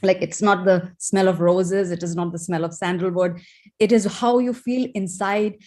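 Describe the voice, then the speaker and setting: A woman's voice: on the low side, fairly even intonation, normal speed. A woman sharing a personal spiritual testimony, emotional and close to tears, telling stories with feeling. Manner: emotional, tearful, warm storytelling.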